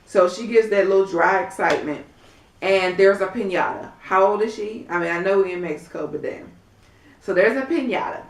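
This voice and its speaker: A woman's voice: medium pitch, fairly quick. A woman recapping a reality show in a sassy, blunt, profane way, acting out what the cast members said. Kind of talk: casual recap vlog. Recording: echoey room, far from mic.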